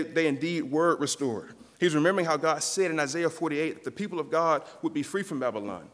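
A man's voice: on the high side, big-room sound. A pastor preaching a sermon in a church, earnest and direct, often turning to his listeners as "church". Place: church sanctuary.

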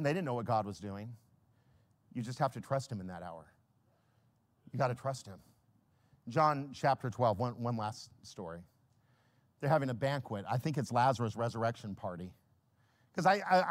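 Animated preacher with wide pitch swings. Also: male voice. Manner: animated, swings from hushed to shouting when quoting scripture; storytelling, acts out biblical characters with humor. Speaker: pastor. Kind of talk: sermon.

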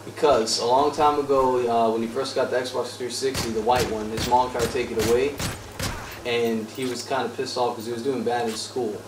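A man's voice: medium pitch, steady tone, moderate pace. Sex: man. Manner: crude joking gamer. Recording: distant, echoey, noisy. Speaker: gamer trolling on online voice chat. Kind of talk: casual gaming chat. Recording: distant roomy mic with loud game noise.

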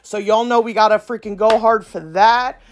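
A woman's voice: a little high, level tone, moderate pace, a little hiss or hum. Chatty, outspoken woman vlogger. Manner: chatty, rambling, slangy and outspoken. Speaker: nail artist and brand ambassador. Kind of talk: casual vlog chat to viewers.

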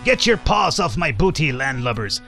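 A man doing a gruff pirate captain. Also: medium pitch, very animated, normal speed, sharp tone, faint music behind, exaggerated voice. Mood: menacing. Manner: growling "yarg" pirate talk.

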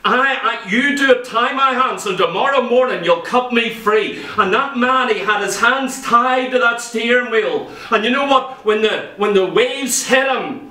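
A man preaches a fervent sermon, his voice unusually high and bright for a man. He throws himself into the stories, putting on the voices of the people in them. He is caught from a distance, with the church echo ringing around him. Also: a little slow, few pauses. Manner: impassioned, acts out quoted voices in stories. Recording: echoey church from far off.

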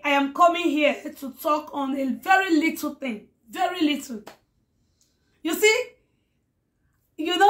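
Woman vlogger, high voice, slow, hoarse, effusive, repeats words. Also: a bit bright. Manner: effusive, affectionate, blessing her viewers. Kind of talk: casual talk to followers.

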